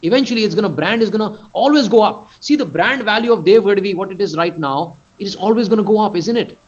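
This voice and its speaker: A man with a high-sitting voice and an Indian English accent speaks quickly, giving a motivational webinar talk as a mentor and coach. He's emphatic and repeats phrases for stress, and the webinar audio is lo-fi.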